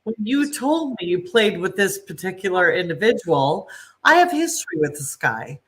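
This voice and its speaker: A woman's voice: mid-range voice, big pitch swings, normal speed. A woman hosting a casual talk show, chatting playfully with her guest. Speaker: host. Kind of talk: casual chat.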